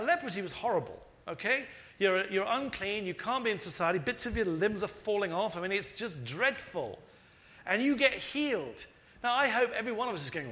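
A man preaching a sermon, telling stories with energy and acting out the people he quotes. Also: fairly high pitch. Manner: animated storytelling, acting out quoted voices.

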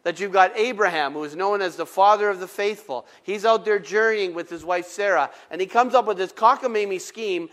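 A middle-aged man preaching with a fairly high, lifted voice. He tells his points as stories and acts out the dialogue himself. He drops in conversational asides to the congregation. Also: fairly quick, hardly any pauses, a bit bright. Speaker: pastor. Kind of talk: sermon.

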